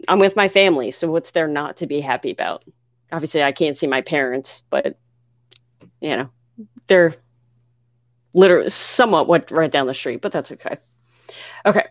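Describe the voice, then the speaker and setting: A woman's voice: low-pitched, normal speed, pauses often, dry recording. Chatty woman hosting a livestream, dry sound. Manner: chatty, reads viewer comments aloud, excitable with frequent laughs. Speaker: livestream host answering viewer questions. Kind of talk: casual livestream chat. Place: home near Philadelphia.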